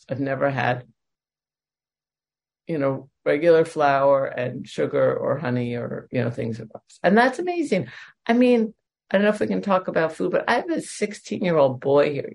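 A woman's voice: low voice, gravelly, darkish tone. A woman in her forties sharing a candid, emotional personal testimony with self-deprecating humor at a recovery meeting. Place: at home.

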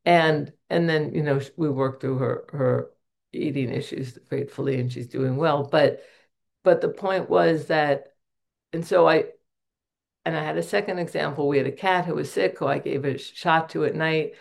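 A middle-aged recovery meeting member speaks in a low, gravelly voice at a moderate pace. She delivers an earnest, open testimony, telling stories at her own expense with self-deprecating humor.

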